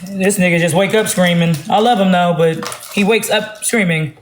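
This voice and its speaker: A woman talking loudly and bluntly in a casual livestream rant on her phone. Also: lowish voice, steady tone, moderate pace, slight background noise. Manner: loud, blunt and emphatic.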